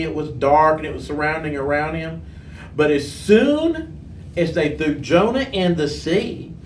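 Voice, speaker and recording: Slow, high-voiced pastor telling a children's story. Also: male voice, a little hiss or hum. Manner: animated storyteller acting out the characters. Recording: echoey room, mic far off.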